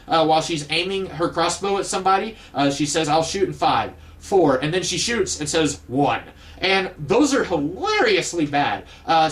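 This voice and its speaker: A man giving a casual spoken movie review, wry and dismissive, with frequent "uh" fillers. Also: high voice.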